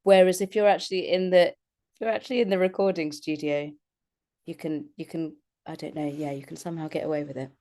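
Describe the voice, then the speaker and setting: A woman's voice: sits low, fairly even intonation, fast, warm tone. A woman, an actress and voice artist chatting as an interview guest, self-deprecating and laughing often as she talks. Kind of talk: casual interview chat.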